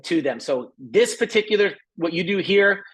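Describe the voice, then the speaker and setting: Excited chatty man pitching travel deals. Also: normal speed, breathy edge. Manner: excited, chatty, many fillers and asides to viewers. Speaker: presenter of a travel membership. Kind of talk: live screen-share sales presentation.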